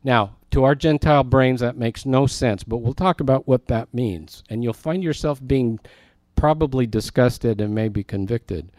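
A man with a middle-pitched voice leads a Bible teaching, a little slow and with few pauses. He reads verses, then breaks into lively, conversational yet emphatic asides to his listeners, recorded dry and close with no room echo.

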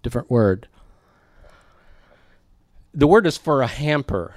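A man's voice: mid-range voice, animated, slow, pauses often, no echo. A man preaching a verse-by-verse sermon in a conversational way, with joking asides to his congregation. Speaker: pastor. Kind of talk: expository sermon.

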